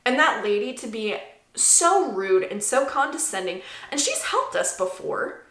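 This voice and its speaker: Woman, bright tense voice, indignant rant to camera, roomy echo. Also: fairly high pitch, very animated, a little slow. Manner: indignant, emphatic, repeats herself. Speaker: vlogger. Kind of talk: angry personal rant to camera.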